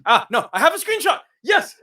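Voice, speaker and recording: A man from France co-hosting a casual movie chat, animated and emphatic, swearing often. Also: very high-pitched, fairly quick. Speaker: co-host of a movie podcast.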